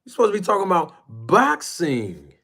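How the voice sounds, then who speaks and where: A man hosting a casual boxing live stream, rambling and emphatic as he shouts out chat viewers by name. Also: high voice, wildly swooping pitch, normal speed, gravelly, faint music behind. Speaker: boxing YouTube channel host.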